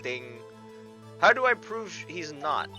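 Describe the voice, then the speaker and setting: Someone voicing a jumpy rookie lawyer, stammery and panicky, pitch all over, game fan dub. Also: big pitch swings, slow pace, music in the background. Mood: flustered. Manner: flustered, stammering. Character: nervous young male rookie defense lawyer.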